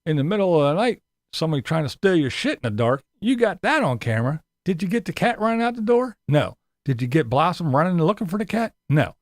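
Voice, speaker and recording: A man's voice: on the high side, big pitch swings, fast talker, hardly any pauses, no room sound, clean studio sound. A man giving a sarcastic, profane commentary rant as a vlogger.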